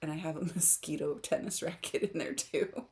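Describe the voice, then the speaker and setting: A woman's voice: low voice, steady tone, moderate pace, darkish tone. A woman author chatting casually with her livestream viewers, rambling and giggling as she talks. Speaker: author streamer.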